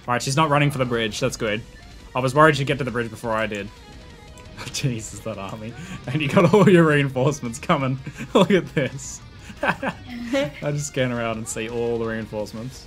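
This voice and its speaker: An Australian man narrating and commentating a strategy game he plays, excitable and laughing often, shouting battle orders at his troops. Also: medium pitch, moderate pace, faint music behind. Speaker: gaming YouTuber. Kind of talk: let's play commentary and narration.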